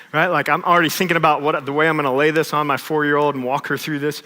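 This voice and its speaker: Pastor, 30s, man: conversational and self-deprecating, slightly high and forceful tone, recorded in a reverberant sanctuary. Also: rapid-fire, hardly any pauses. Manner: conversational, self-deprecating, tags lines with "right?". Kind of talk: sermon storytelling. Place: church sanctuary. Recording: long church reverb.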